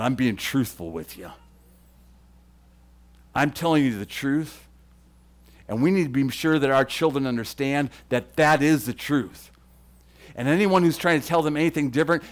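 A man preaching a sermon to the camera, with emphatic, repeated phrases that swing between loud declarations and hushed, low lines. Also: moderate pace. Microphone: camera mic.

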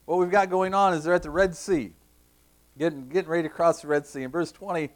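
Speaking fast in a fairly high voice, a male pastor tells a personal story within his sermon. His delivery is animated, emotional, and storytelling in style, and he grows tearful at moments.

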